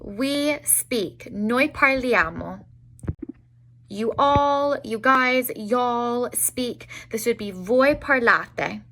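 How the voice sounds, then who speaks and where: A young woman teaching an online language lesson, spelling out examples slowly with frequent fillers. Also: fairly high pitch, a bit bright, slight background noise. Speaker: Italian teacher.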